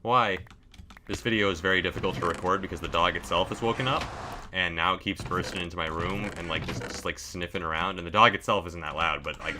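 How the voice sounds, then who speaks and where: Deep deadpan young man telling a story. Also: background noise. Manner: dry, deadpan storytelling with lots of "like". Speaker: gaming streamer. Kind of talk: casual storytelling to stream.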